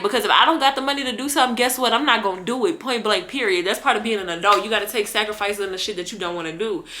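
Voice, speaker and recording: A woman's voice: mid-range voice, bright, forceful tone. A young woman ranting in a vlog about scamming customers, blunt, heated and profane with lots of slang. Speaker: vlogger and delivery shopper.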